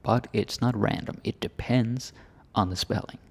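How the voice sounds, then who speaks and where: A man from Denmark teaching pronunciation in a relaxed, joking way, often dropping into whispers. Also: on the low side, moderate pace, gravelly, husky. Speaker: language teacher. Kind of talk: casual pronunciation lesson.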